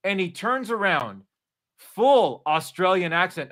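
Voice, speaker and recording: A man in a casual chat, telling animated stories and acting out the people in them. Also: fairly high pitch, normal speed. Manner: animated storyteller, acts out quotes.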